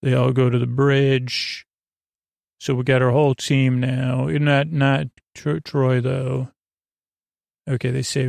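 A man rambling and halting through a casual, sleepy recap of a TV episode, full of filler words. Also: medium pitch, little pitch movement, vocal fry, a little mellow, no echo, clean studio sound. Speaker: podcast host.

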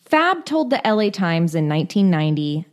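A woman's voice: on the low side, sing-song, normal speed. A woman co-hosting a podcast, reading a scripted music history with casual chatty asides. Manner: reads quotes aloud, breaks into laughter. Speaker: podcast co-host.

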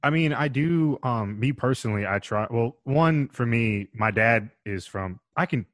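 A man's voice: medium pitch, lively intonation, measured pace, a bit bright, slight background noise. A man from Alabama co-hosting a podcast, talking in a rambling, laid-back way. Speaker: podcast co-host. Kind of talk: casual chat.

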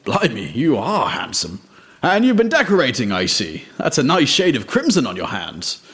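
A man's voice: huge pitch swings, normal speed, a bit bright. A man playing a pompous, flirtatious detective in a comedy sketch, with theatrical swings in his voice. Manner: theatrical, with wild swoops of pitch.

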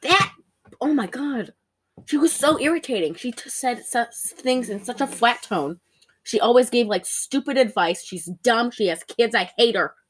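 A woman co-hosting a podcast, chatting casually as she recaps a movie and acts out its lines with big jumps in pitch. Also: animated, moderate pace, breathy edge. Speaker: podcast co-host.

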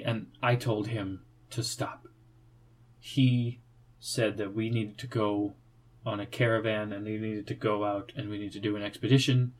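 A man game master voicing a grieving fanged young woman who speaks haltingly and stammers. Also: medium pitch, lightly acted.

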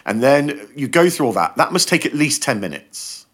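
A man's voice: medium pitch, normal speed, breathy edge. A man chatting on a podcast, telling long jokes and acting out the characters in them. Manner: animated storyteller acting out joke characters. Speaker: podcast guest. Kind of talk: casual chat.

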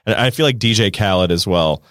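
A man's voice: lowish voice, fairly quick, a bit bright, clean tone, dry recording, studio quality. A man hosting a podcast, talking in an easygoing way with short agreeing remarks. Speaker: podcast host. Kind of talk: casual podcast interview.

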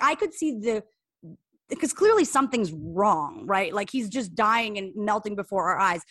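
A woman in casual podcast chat, her voice sitting a little high. She talks in quick, animated bursts, full of restarts. The sound is dry and close. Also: no echo. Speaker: podcast co-host.

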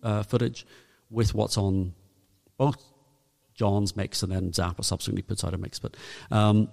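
A man's voice: lowish voice, steady tone, a little slow, vocal fry, darkish tone, big-room sound. A man with a Northern Irish accent co-hosting a podcast, chatting casually and reeling off dates and facts. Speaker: podcast co-host. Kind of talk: casual chat.

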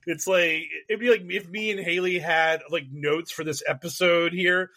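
A man's voice: high-pitched, fairly even intonation, normal speed, bright, forceful tone. A man co-hosting a podcast in casual chat, rambling and mocking, breaking into silly impressions with many restarts. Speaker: podcast co-host.

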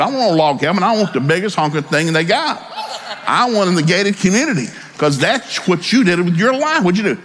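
A pastor preaching a sermon in a folksy, storytelling way with joking asides. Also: male voice, fairly high pitch, sing-song, brisk, a bit bright, husky.

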